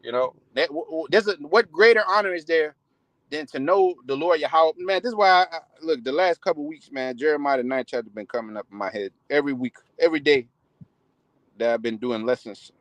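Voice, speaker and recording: A man's voice: a little high, a little fast, no room sound, rough recording. A man preaching in a casual, heated style, swearing often and restarting his sentences. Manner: heated, profane, many restarts. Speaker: street preacher. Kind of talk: casual sermon with profanity.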